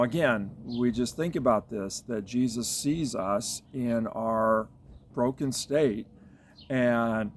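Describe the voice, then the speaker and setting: A man's voice: mid-range voice, slight background noise. A man giving a devotional Bible reflection as a pastor, thinking aloud in a reflective way with fillers and restarts.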